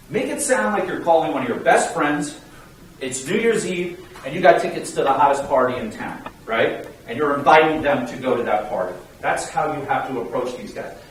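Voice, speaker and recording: Sales coach guy pumping up his team, fairly high voice, big echo, sounds far from the mic with a little hiss. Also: a little fast. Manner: emphatic, pleading, energetic. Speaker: sales trainer. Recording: echoey room, mic far off, faint hiss.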